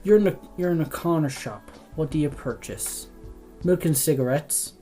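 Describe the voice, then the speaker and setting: A young man with an Irish accent talks his way through a quiz in a loose, rambling chat, swearing often and trailing off. His voice is mellow and warm, with faint music somewhere behind him. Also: a little high, moderate pace. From Ireland. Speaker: vlogger doing a quiz. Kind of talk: casual chat.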